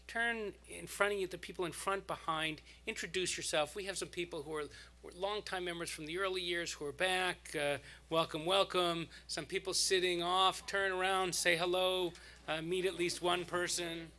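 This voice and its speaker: A man's voice: high-pitched, steady tone, moderate pace. A man leading a synagogue service, speaking informally to the congregation and giving instructions. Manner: warm, informal guidance to a congregation. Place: large sanctuary.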